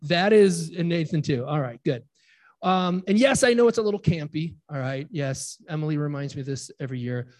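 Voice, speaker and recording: A man in his forties preaches in a loose, conversational way, trading quick jokes with the people in the pews. His voice sits a little higher than most men's. He leads prayer in the same easygoing, unpolished tone. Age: 40s. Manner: relaxed, chatty, jokes with the congregation. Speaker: pastor. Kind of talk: informal sermon with congregation banter.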